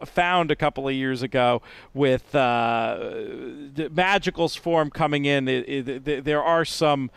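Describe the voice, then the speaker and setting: Smooth, dry-voiced racing panelist. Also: male voice, a little high, no room sound. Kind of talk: podcast panel discussion.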